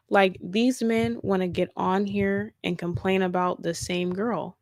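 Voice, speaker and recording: Woman host, creaky voice, dry close mic, emphatic reaction commentary. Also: medium pitch, steady tone, unhurried, dry recording, faint music behind. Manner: emphatic, repeats points, laughs mid-sentence.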